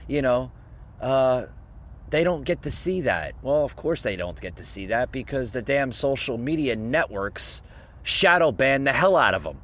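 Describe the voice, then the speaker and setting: Ranting podcast host, lively sarcastic man. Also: mid-range voice, muffled recording. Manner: sarcastic, ranting, addresses listeners as folks. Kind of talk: political commentary monologue.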